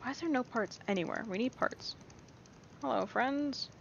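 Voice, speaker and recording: A woman's voice: fairly high pitch, expressive, moderate pace, creaky. A young woman giving casual, rambling let's-play commentary, playful and often reassuring herself. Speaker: gameplay streamer. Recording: dull lo-fi mic with faint hiss.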